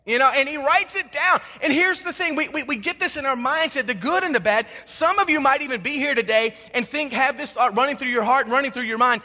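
A male pastor preaching a sermon, swinging between loud emphasis and hushed tones. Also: extremely high pitch, brisk, few pauses. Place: church sanctuary with a congregation. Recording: long hall reverb.

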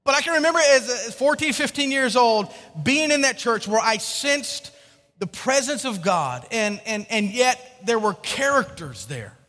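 High-voiced guy preaching, storytelling with stammers, hall echo. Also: unhurried. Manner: storytelling, animated, with stammered restarts. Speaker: pastor. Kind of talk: sermon.

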